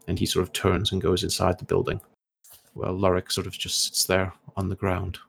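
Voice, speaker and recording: A man narrating as game master of a tabletop role-playing game in a casual, relaxed way. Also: low-pitched, fairly quick, creaky.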